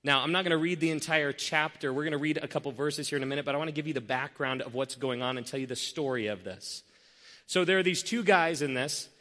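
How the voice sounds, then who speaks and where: A young man preaches in an easygoing, story-driven way, poking gentle fun at himself. His voice sits a little high for a man. The sound carries a long reverb from a church hall. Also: fast. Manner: conversational storytelling, self-deprecating. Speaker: pastor. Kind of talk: sermon.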